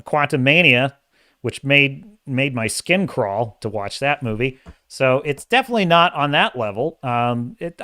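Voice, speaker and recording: A man's voice: medium pitch, no echo, studio quality. A man hosting a live-stream show, giving a rambling, opinionated movie review and often correcting himself mid-thought. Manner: opinionated and animated. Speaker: podcast host.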